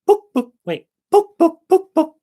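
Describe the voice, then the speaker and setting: A man's voice: extremely high pitch, very animated, unhurried, mellow, pitched above the performer's own voice, heavily acted. A man voicing a male chicken in a spoken joke, squawking one word over and over. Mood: insistent. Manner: squawky repeated single word. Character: clucking male chicken demanding books.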